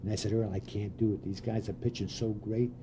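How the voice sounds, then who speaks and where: An older man, a former pitching coach, telling anecdotes in an interview and voicing the people he quotes. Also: fairly quick, noisy background. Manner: animated anecdotes with voiced quotes and laughs. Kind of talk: storytelling interview.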